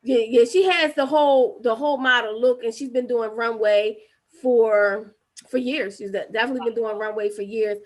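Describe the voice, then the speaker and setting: High-voiced chatty woman hosting a video call. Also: fairly even intonation, moderate pace. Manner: chatty, reads viewer comments aloud, restarts often. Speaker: host of a live-streamed talk show. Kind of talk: casual interview chat.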